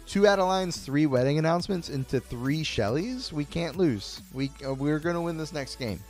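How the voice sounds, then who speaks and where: A man streaming a card game live, reacting loudly to each play, swearing freely and talking to his chat. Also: a little high, normal speed, faint music behind. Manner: excitable, swears a lot, talks to chat. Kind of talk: live-stream gameplay commentary.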